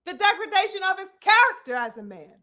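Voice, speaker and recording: A woman with a high, bright, ringing voice delivers a heated live commentary. She lectures like a preacher, stressing long words, swearing freely and calling her audience brothers and sisters. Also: big pitch swings, fast. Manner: preachy, emphatic, profane, addresses "brothers and sisters". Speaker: commentary host.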